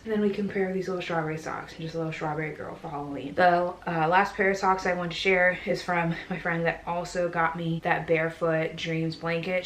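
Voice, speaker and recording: A young pregnant woman chatting casually and gushing as she shows off baby clothes, a little out of breath. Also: fairly low pitch. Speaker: vlogger. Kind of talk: casual haul chat. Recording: echoey room with faint noise.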